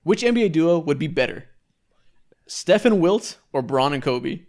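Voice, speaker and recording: A man's voice: a little high, animated, a little mellow. A young man co-hosting a casual sports podcast, joking and running a quiz game. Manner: joking, quick banter.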